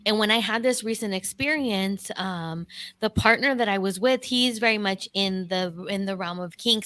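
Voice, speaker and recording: A woman's voice: medium pitch, no room sound. A woman talking as a podcast guest, telling personal stories frankly, with lots of swearing and laughter. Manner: frank, profane, animated storytelling with laughter. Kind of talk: casual candid conversation.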